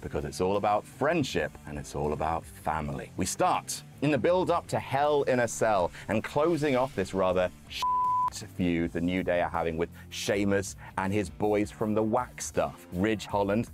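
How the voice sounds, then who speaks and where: A man's voice: low-pitched, lively intonation, normal speed, soft background music. A man giving scripted, wryly humorous narration as a wrestling commentator. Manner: wry, dry humor.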